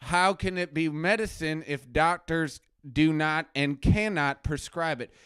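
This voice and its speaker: A man putting on a bombastic, self-righteous anti-drug crusader doctor who lectures his audience like a street-corner preacher. The voice sits a little high and sounds smooth and clean, lurching from grumbling asides to loud outbursts. It is recorded close in a dead-dry basement room. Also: a little slow, no echo. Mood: indignant. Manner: ranting, preachy, swings between mutters and loud outbursts. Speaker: host. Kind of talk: satirical live-stream rant. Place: home basement.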